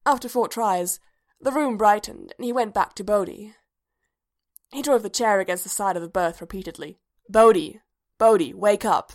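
A woman narrating a story aloud in a calm, even voice. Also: mid-range voice, normal speed. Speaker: story reader. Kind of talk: scripted narration.

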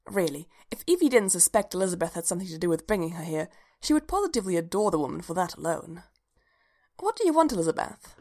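A woman reading fan fiction aloud, unhurried and even as she narrates. Her voice is on the low side and carries a noticeable gravelly fry. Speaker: reader.

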